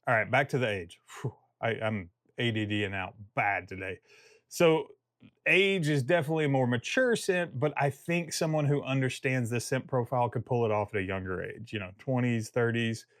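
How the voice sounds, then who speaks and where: In a clean studio recording with no room sound, a man reviews a fragrance on video in a casual, jokey way, wandering off topic and cutting himself off mid-thought. His mid-range voice is fairly bright and moves at normal speed.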